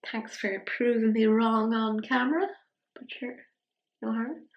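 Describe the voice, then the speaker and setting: A woman's voice: medium pitch, normal speed, reverberant, lo-fi sound. A young woman chatting casually through a makeup tutorial, self-mocking, sometimes dropping to a whisper as she works. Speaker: beauty vlogger.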